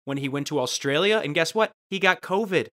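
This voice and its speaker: Bright, sarcastic ranting man. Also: a little high, expressive, brisk. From Ohio. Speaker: podcast co-host. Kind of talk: casual comedic chat.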